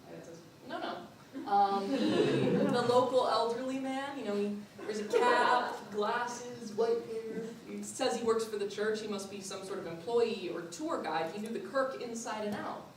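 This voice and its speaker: A young woman performs a spooky personal story as a theatrical monologue. Her delivery is playful and animated, with frequent laughter. The voice is distant from the mic and wrapped in heavy hall echo over faint ambience. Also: a little high, normal speed, hardly any pauses, a little hiss or hum. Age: young adult. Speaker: student performer. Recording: echoey hall from far off.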